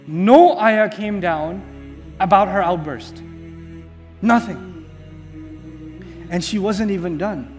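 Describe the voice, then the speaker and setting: A man giving an Islamic lecture, telling a story with dramatic pauses and asking the audience rhetorical questions that he then answers himself. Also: high voice, animated, a little mellow. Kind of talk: religious lecture. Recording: hall reverb with faint music.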